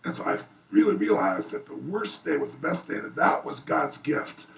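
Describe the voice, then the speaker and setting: A man giving an earnest, animated personal storytelling speech at a private event before an audience. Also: mid-range voice, moderate pace, vocal fry, distant mic, rough recording. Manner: earnest, animated, rising excitement in retellings. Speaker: motivational speaker.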